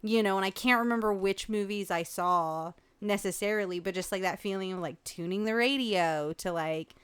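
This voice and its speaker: A woman co-hosting a casual podcast chat, talking in a chatty, playful way and often pausing to search for words. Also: mid-range voice, smooth. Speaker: podcast co-host.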